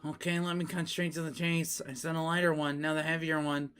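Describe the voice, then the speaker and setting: A woman reading aloud as a scheming adult woman, delivering wild confessions in a flat, hushed tone. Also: sits low, a little fast, clean tone, soft background music. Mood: coolly scheming.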